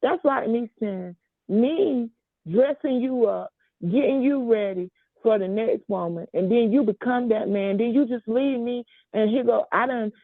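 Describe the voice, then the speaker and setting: A woman's voice: a little high, a little slow, no echo, narrow, tinny audio. A woman on a discussion panel, arguing emphatically and talking over the others. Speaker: panel guest.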